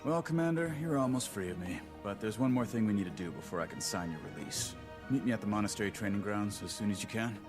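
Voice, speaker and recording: A man voicing a brisk game detective. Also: lowish voice, animated, natural voice. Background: game music.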